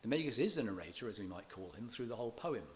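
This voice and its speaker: A man's voice: mid-range voice, animated, very fast. A man lecturing on poetry to an audience, chatty and digressive, often stopping to correct himself. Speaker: visiting lecturer in English. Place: church hall.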